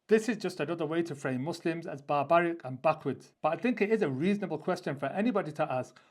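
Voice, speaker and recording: A man's voice: fairly high pitch, quick pace, hardly any pauses, a little mellow. A man with a British accent giving opinion commentary in a vlog, arguing his case with rhetorical questions. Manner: argumentative, poses rhetorical questions. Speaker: online commentator.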